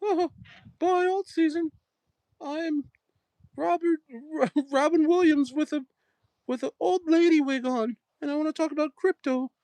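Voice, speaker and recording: A man imitating a fellow crypto streamer as a shrill old-lady-voiced man, gushing over coins in a breathless falsetto. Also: a little slow, a little mellow, no room sound.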